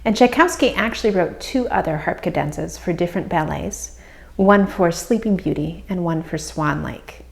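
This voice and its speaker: Calm woman teaching harp. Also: fairly low pitch, normal speed, vocal fry. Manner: calm and explanatory, with soft fillers. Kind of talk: instructional explanation. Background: harp playing.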